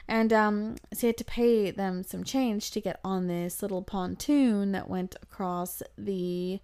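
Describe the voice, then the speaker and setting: A young woman hosting a podcast, telling a travel story in a chatty, animated way, full of fillers and acted-out quotes. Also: mid-range voice, unhurried, clean tone. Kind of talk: casual storytelling.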